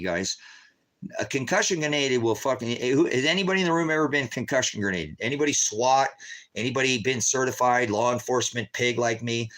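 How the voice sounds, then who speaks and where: A man's voice: on the low side, a bit bright. A man giving an agitated, heavily profane, rambling livestream monologue to his viewers, repeating himself often. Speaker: ministry livestreamer.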